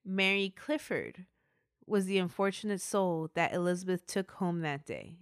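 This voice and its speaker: A woman's voice: lowish voice, moderate pace, clean tone, no echo, studio quality. A woman hosting a podcast, narrating a true-crime story in a chatty way with asides. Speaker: podcast host.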